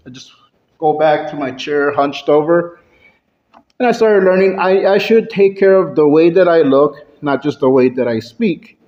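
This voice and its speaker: A man giving a prepared speech at a speaking club, playing with pitch and loudness for effect. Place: club meeting room, indoors. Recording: dull lo-fi recording.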